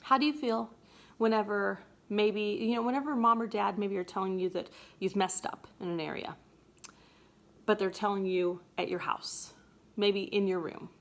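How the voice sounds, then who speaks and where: A woman's voice: mid-range voice, steady tone, normal speed. A woman teacher casually explaining a play scene, chatty and playful, acting out lines in voices. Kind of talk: casual literature lesson.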